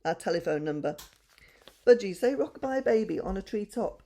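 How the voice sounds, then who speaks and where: Sensible boy, plain and steady, read by a woman. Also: mid-range voice, normal speed. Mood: earnest. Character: sensible older boy, the big brother.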